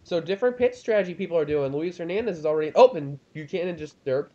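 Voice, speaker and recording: A man's voice: fairly high pitch, quick pace. Young man with a dull lo-fi race commentary. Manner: rambling, lots of ums, excitable about crashes. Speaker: lead commentator of a sim racing league.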